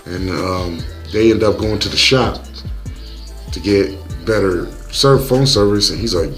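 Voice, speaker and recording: A young man with a lowish voice tells a movie's story in loose, slangy, joking recap style. Soft music sits faintly underneath his narration. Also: measured pace.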